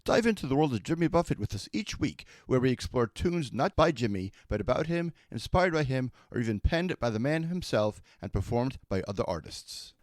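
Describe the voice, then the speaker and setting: A man's voice: mid-range voice, big pitch swings, a little fast, hardly any pauses, dry recording. A man hosting a radio show, reading a scripted introduction and asking interview questions in an announcer-like way. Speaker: radio host.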